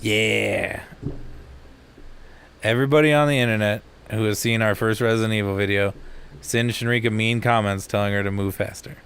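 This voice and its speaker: A man's voice: lowish voice, fairly even intonation, moderate pace, vocal fry, fairly bright tone, clear, resonant tone. A young man co-hosting a casual podcast, goofy and playful, throwing in silly bits. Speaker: podcast co-host. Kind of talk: casual chat.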